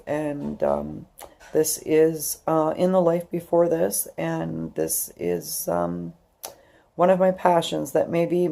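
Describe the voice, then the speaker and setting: A woman's voice: low voice, creaky, warm tone. A woman in her fifties talking emotionally to her YouTube viewers, tearful and rambling with many fillers. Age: 50s. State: crying. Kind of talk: emotional personal vlog.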